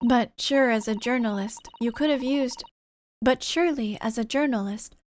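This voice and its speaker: A woman's voice: fairly high pitch, moderate pace, a little mellow, natural voice. A woman reading as a probing young lawyer. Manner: probing, questioning.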